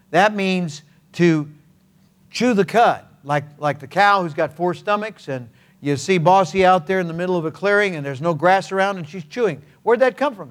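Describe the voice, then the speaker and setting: A man preaching a sermon as pastor, in a folksy, conversational way with homespun examples and playful sound words. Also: high-pitched. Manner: frequent hesitant fillers and restarts.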